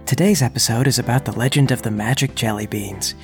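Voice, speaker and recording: A man runs a tabletop game as narrator, his voice mid-pitched and even. He tells the scene calmly, and soft music plays faintly behind him. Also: quick pace. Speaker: game master.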